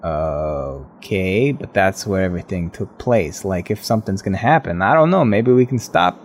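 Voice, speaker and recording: A man's voice: fairly low pitch, fairly quick, a little hiss or hum. A man in a tabletop role-play, speaking in character as a brash, confused young musician, casual and profane. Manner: casual, profane, street slang. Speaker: player.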